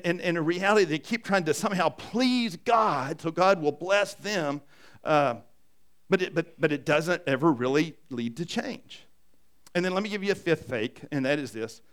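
A man's voice: fairly high pitch, clear, resonant tone. An older man, a pastor with grandchildren, preaching a sermon in a conversational way with frequent restarts.

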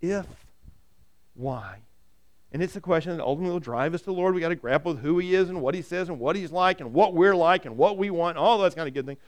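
A man preaching a sermon, animated, acting out quotes and asking rhetorical questions. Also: high voice, very fast, few pauses. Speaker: pastor.

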